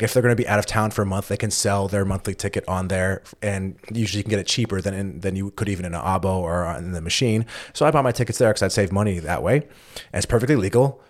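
An American man in casual podcast chat, telling an anecdote in a rambling, animated way. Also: on the low side. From United States. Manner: rambling, animated retelling with quoted voices. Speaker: podcast co-host. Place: lives in Germany as a foreigner.

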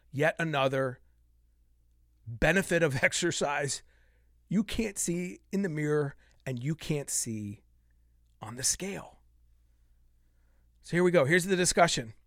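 A man's voice: fairly high pitch, unhurried, long pauses, fairly bright tone, dry recording, clean studio sound. A man in his fifties hosting a solo fitness podcast, talking passionately and getting worked up as he vents. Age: 50s. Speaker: podcast host.

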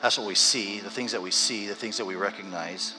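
A man preaching a sermon as pastor, swinging between loud emphasis and hushed, earnest stretches. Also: lowish voice, fairly even intonation, brisk, over music.

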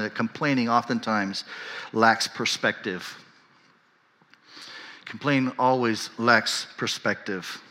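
A pastor delivers a sermon with a bright, forceful voice that carries through a big hall with a long reverb. He is conversational, keeps asking his listeners "right?", and jumps into higher, livelier tones when he acts out what other people said. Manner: animated, acts out whiny voices and quotes with rising pitch; conversational, often tags lines with "right?".

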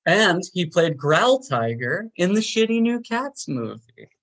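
A man's voice: big pitch swings, measured pace, fairly bright tone. A man from Long Island casually recapping a film on a podcast, acting out the characters' lines. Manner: laid-back, chatty, acts out characters' lines with big jumps in pitch. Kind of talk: casual chat.

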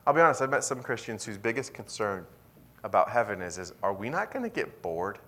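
A young man preaching a sermon in a lively, conversational way, sometimes dropping to a whisper. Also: fairly low pitch, a little fast. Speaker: pastor.

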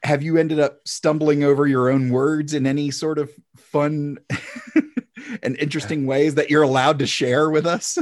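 A man's voice: a little high, fairly even intonation, normal speed, dry recording. Man asking long questions in a dry room. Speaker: podcast host. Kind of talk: casual interview questions.

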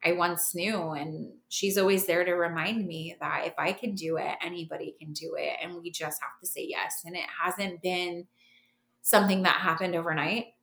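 A woman with a lowish voice tells her story as a podcast guest and acts out what others said. She talks in a lively, laughing way, and a roomy echo hangs around her words. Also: normal speed. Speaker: podcast guest, massage therapist.

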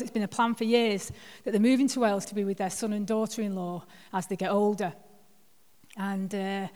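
A woman's voice: medium pitch, darkish tone. Woman guest preacher, casual self-deprecating storyteller; long hall reverb. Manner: chatty, self-deprecating storyteller with filler words. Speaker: guest speaker. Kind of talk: sermon with personal stories. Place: church hall.

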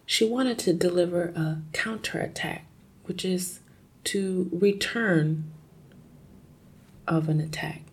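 A woman's voice: on the low side, husky. A woman reading a children's novel aloud expressively, then posing study questions. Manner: expressive, slow and careful. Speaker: storyteller and reading teacher.

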